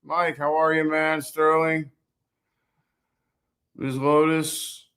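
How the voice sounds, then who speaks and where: A man's voice: fairly high pitch, level tone, takes it slowly, a bit bright. Rambling man chatting on a live stream. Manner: rambling, talks to his dogs and chat viewers. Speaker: vlogger hosting a live stream. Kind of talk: casual live-stream chat.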